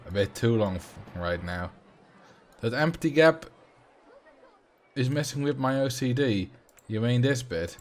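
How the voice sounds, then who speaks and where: A Dutch-speaking man streams a building game, chatting casually, reading chat and thinking aloud with self-deprecating humor. His voice is medium-pitched and animated, and he takes his time.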